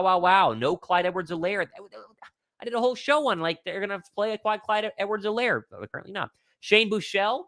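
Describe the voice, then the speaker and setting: A young man hosting a live sports stream, talking with excitable confidence and reading out viewers' questions. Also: mid-range voice, no room sound, studio quality. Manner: excitable, confident, reads chat questions aloud. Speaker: host of a sports livestream. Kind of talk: live pregame Q&A commentary.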